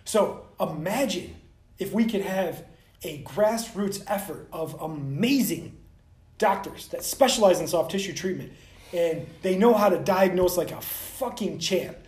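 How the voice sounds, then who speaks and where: A man hosting a vlog, ranting bluntly and profanely straight to the camera as a soft tissue clinician. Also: high-pitched, expressive, a little slow, echoey room.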